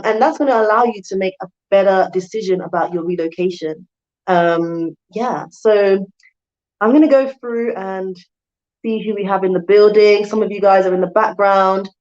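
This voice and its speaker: A woman's voice: mid-range voice, darkish tone. A woman in her thirties, from the UK, talks loosely to her viewers on a live stream, laughing easily and answering their comments as they come in. Her voice sits mid-range for a woman. The stream audio is a little dull and lo-fi. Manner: chatty, laughs often, reads out viewer comments. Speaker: vlogger hosting a live stream. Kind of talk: casual live-stream chat.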